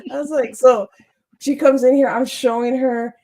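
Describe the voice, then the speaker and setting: A young adult woman hosting a casual chat, telling a story in a lively way, laughing often and acting out what people said. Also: high voice, moderate pace. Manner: animated, laughs often, acts out quotes. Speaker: podcast host.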